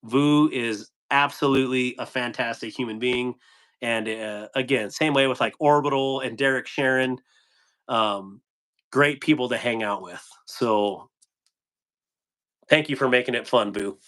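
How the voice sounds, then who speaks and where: A man's voice: medium pitch, unhurried, a bit bright. Chatty, laughing man hosting a live stream. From United States. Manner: laughing, rambling, reading chat. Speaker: knife channel host on a live stream. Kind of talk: casual live-stream chat.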